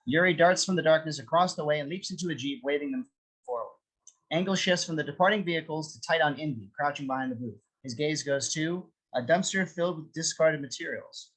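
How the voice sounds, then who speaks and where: A man narrating a script reading, with a steady, descriptive reading of the stage directions. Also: a little high, a little fast, poor audio.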